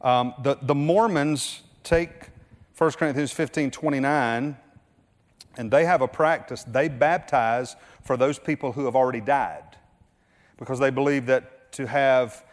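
A man's voice: medium pitch, unhurried. A man preaching a sermon in a church, emphatic and full of rhetorical questions, often restarting his sentences. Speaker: pastor. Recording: reverberant hall.

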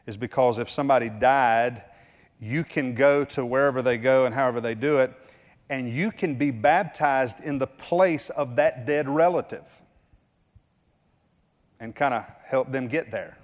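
A man's voice: mid-range voice, measured pace. A man preaching a sermon in a church, emphatic and full of rhetorical questions, often restarting his sentences. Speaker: pastor. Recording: reverberant hall.

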